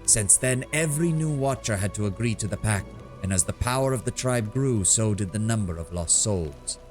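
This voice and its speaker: A man voicing a shrewd, worldly male kobold bard in a video game, speaking in a measured storytelling way. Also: fairly low pitch, expressive, darkish tone, faint music behind, voice pushed up, close to an everyday voice. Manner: measured storytelling, grows sonorous and dramatic. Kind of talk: reading game dialogue aloud.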